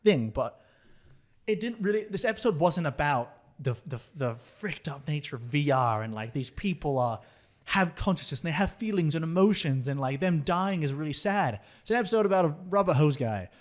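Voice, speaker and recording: A man's voice: fairly high pitch, expressive, normal speed. Agreeable young man in casual chat. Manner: agreeable, frequent "yeah" backchannels, chuckling asides. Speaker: podcast co-host reviewing a TV episode.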